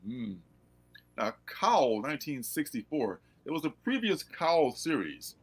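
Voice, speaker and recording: A man hosting a casual comics livestream, animated and laughing, reading blurbs aloud. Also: fairly high pitch, unhurried. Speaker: host.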